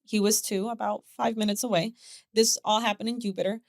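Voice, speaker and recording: A woman's voice: mid-range voice, steady tone, brisk, creaky, no room sound, clean studio sound. A woman guest on a podcast, openly telling a personal story in casual conversation and laughing now and then. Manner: open, storytelling with acted quotes and laughs.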